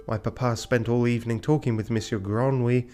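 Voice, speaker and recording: A man's voice: medium pitch, fairly even intonation, brisk, warm tone, faint music behind, close to an everyday voice. A man voicing a naive young female cat heiress with a prim, sing-song manner, his voice raised a little. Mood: sweet.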